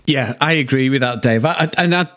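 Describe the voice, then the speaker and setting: A man telling an excitable story on a casual podcast, swearing heavily. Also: mid-range voice, a little fast. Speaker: podcast co-host. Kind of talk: casual chat.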